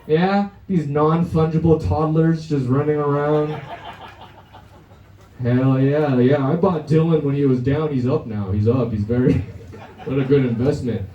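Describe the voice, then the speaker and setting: Young male comic with a high-leaning, mellow voice, brash crude stand-up, live club mic in a roomy space. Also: steady tone, a little slow, distant mic, lo-fi sound, a faint crowd, slight background noise. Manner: brash, crude, laughing at his own jokes. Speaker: stand-up comedian. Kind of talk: stand-up set at an open mic. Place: comedy club stage.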